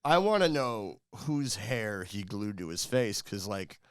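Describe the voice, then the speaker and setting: A man's voice: fairly low pitch, sing-song, measured pace, smooth, no room sound, clean studio sound. A man making wry, joking comments in a casual podcast chat.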